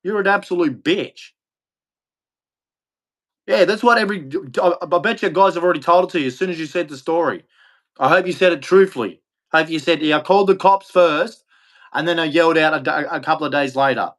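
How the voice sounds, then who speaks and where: A man with an Australian accent rants to the camera in a bitter, profane monologue. He circles back over the same complaints and curses freely. His voice sits a little higher than most men's. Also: quick pace, fairly bright tone. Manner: bitter, profane, repeats himself. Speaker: vlogger. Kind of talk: angry ranting monologue.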